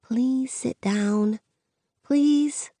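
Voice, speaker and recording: Woman doing a high pleading teen girl trying to calm friends, audiobook, very dry sound. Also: a little slow, no room sound, exaggerated voice. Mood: hushed. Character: anxious teenage girl trying to keep the peace. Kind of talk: audiobook narration.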